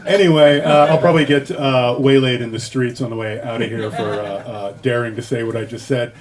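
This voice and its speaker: A man introduces the next segment in a halting way, full of ums and uhs. The crowd is clearly heard behind him. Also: medium pitch, steady tone. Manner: halting, filler-heavy. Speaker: podcast co-host introducing segments. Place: live event before an audience.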